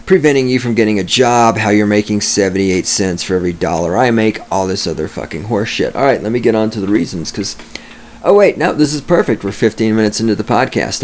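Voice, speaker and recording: A man's voice: lowish voice, slight background noise. A man hosting a solo podcast, ranting with sarcasm and heavy profanity, talking at his home microphone. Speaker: podcast host.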